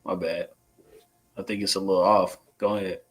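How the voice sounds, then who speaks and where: Casual male interview host, lower voice, laid-back, hesitant phrasing. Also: level tone, normal speed. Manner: laid-back, hesitant, many fillers and restarts.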